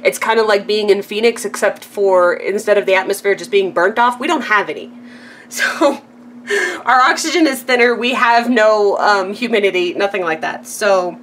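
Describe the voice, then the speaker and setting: A chatty woman from California rambles through a casual craft supply show-and-tell at a mid-range pitch. She fills the gaps with ums and restarts, and laughs at her own asides. A faint hum sits under her voice. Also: moderate pace, a bit bright. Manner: chatty and rambling, with frequent ums and self-corrections. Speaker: craft vlogger.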